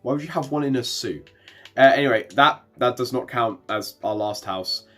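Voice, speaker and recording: A man's voice: mid-range voice, normal speed, fairly bright tone. Guy doing chill game commentary, lots of ums and little laughs, keeps restarting sentences, faint music behind. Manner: rambling, self-correcting, frequent ums and short laughs. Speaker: gaming YouTuber. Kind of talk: casual gameplay commentary.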